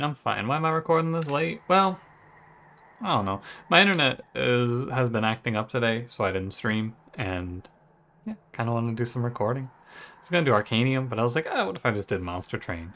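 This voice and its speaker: Pushed and bright, his medium-pitched voice comes out animated and a little fast. The Michigan-accented gaming YouTuber is kicking off a let's-play for his channel, talking casually and musing aloud.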